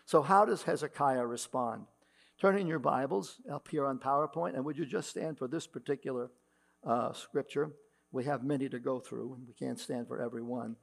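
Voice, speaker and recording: A man's voice: medium pitch, gravelly. A man preaching a sermon as pastor, reading scripture aloud with rising emphasis, with a mains hum behind him. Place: church.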